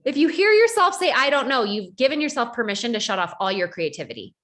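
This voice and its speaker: A woman with a fairly high voice leads an upbeat coaching session for her team. She talks with a lively, conversational bounce, acting out other people's voices and checking in with "right?" as she goes. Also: fast. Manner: animated, acts out quoted voices, frequent "like" and "right?". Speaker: network marketing team leader. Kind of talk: motivational coaching talk on a call.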